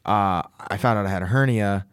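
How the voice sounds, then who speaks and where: A man's voice: fairly low pitch, a little fast, clear, resonant tone, dry recording, studio quality. A young man co-hosting a podcast, telling a long personal story in casual chat with restarts. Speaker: podcast co-host.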